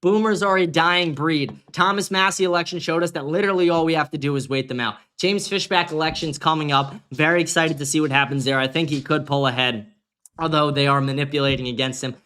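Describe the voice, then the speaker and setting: A man's voice: on the high side, fairly even intonation, brisk, a bit bright, clear, resonant tone. A man hosting a livestream, ranting casually and combatively with a lot of profanity. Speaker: livestream host.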